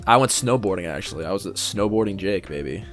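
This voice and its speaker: Lively, cursing young man storyteller. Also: sits low, fast, faint music behind. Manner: animated, swears freely, acts out quotes. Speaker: podcast co-host. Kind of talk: casual storytelling chat.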